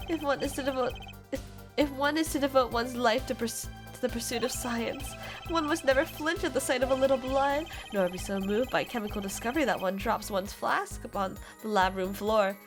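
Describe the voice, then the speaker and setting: A woman's voice: a little high, fairly quick, close to an everyday voice. A woman voicing a fussy, pompous male scientist witness in a formal, long-winded way, read from a game over its music. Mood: haughty. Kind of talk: reading game dialogue aloud.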